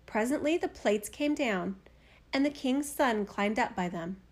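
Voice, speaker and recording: A woman's voice: fairly high pitch, expressive, measured pace. Woman reading a fairy tale aloud. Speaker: storyteller.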